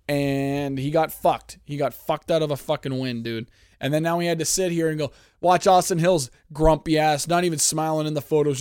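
A man's voice: a little high, fairly even intonation, normal speed, darkish tone, clean tone, no room sound, studio quality. A man from Canada hosting a casual sports podcast, ranting in a profane, heated, rambling way. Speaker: podcast host.

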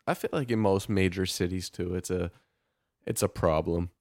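A man's voice: deep voice, moderate pace, darkish tone, dry recording. A young man co-hosting a podcast in casual chat, laid-back and jokey, chiming in often. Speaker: podcast co-host.

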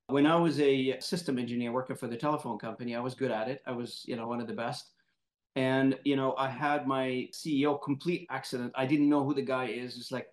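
A man hosting an interview, telling a personal story in a lively, animated way and acting out quotes. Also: medium pitch, reverberant. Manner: animated, laughing storyteller who acts out quotes. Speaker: podcast host, moderator. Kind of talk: casual storytelling in conversation.

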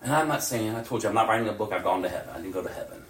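Male pastor, sermon delivery, animated swings from loud to hushed, distant mic in an echoey church, faint room ambience. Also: on the low side, rapid-fire, a little hiss or hum. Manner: animated, swings from loud outbursts to near-whispers.

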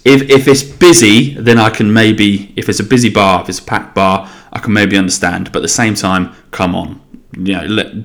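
A young man from England talks through his solo podcast in a loose, rambling way. His voice sits a little low. He swears casually and keeps restarting his sentences as he chats. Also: fairly bright tone. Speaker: podcast host.

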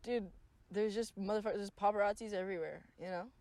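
A woman's voice: mid-range voice, fairly even intonation, fast talker, a little mellow. A young woman from Los Angeles co-hosting a podcast, chatting casually in a rambling, jokey way full of swearing. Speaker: podcast co-host. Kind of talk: casual chat.

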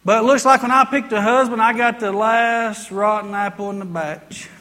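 A man's voice: high voice, steady tone, moderate pace, bright, forceful tone, in a large hall. A man voicing a gloomy, complaining middle-aged wife who grumbles about her husband, in a sermon. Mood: glum grumbling. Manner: grumbling, self-pitying.

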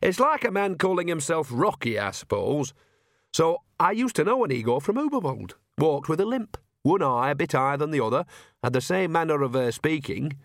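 A man's voice: a little high, big pitch swings, normal speed, no echo, pitched above the performer's own voice. A nosy, cheerful old witch woman, gossiping and coaxing in a folksy storybook voice, as a male reader puts her on. Her voice sits well above the reader's own, in a dry, close recording.

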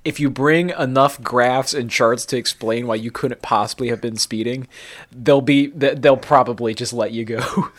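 A man's voice: medium pitch, moderate pace. A man co-hosting a podcast in casual movie chat, joking and laughing often. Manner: jokey, laughs a lot. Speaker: podcast co-host.

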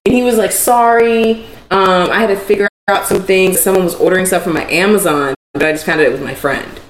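Animated woman in an echoey room. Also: mid-range voice, brisk. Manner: animated storytelling, many "like" fillers. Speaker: podcast co-host. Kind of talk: casual chat. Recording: echoey room with background hiss.

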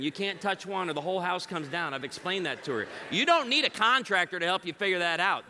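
A middle-aged man from the Chicago area preaches to a church crowd, telling funny stories and acting out the people in them. His voice is bright and fairly high, and it carries through a big hall with a long reverb. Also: fairly quick, few pauses, slight background noise. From Chicago area, United States. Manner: animated storytelling, acting out quoted voices. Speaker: guest speaker. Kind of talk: humorous church message. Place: large church auditorium.

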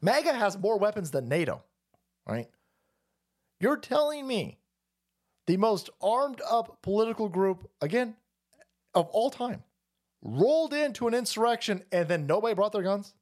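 A man's voice: high-pitched, sing-song, unhurried, long pauses, darkish tone. A man hosting a ranting political commentary stream, profane and mocking, sometimes putting on whiny voices to mock opponents. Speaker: streamer host.

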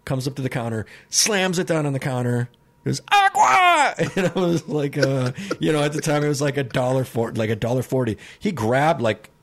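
A young man cohosting a podcast, telling a story in a loose, swearing, laughing way and shouting out the lines he quotes. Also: medium pitch, a little fast. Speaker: podcast co-host. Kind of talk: casual storytelling chat.

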